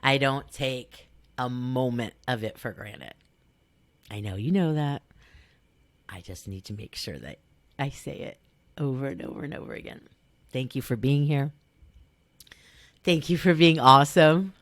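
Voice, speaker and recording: A middle-aged woman with a Valley girl accent hosts her podcast in an upbeat, chatty manner. Her voice sits low but swings widely in pitch. The sound is dry and close. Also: animated, unhurried, long pauses, no echo. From Southern California. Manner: upbeat, chatty, frequent fillers and laughs. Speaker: podcast host. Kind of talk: casual solo podcast talk.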